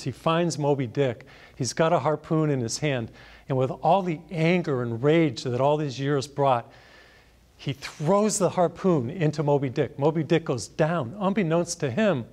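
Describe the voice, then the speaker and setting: A man's voice: mid-range voice, darkish tone. A man, a priest, preaching a sermon through a personal anecdote, storytelling animatedly and laughing at himself.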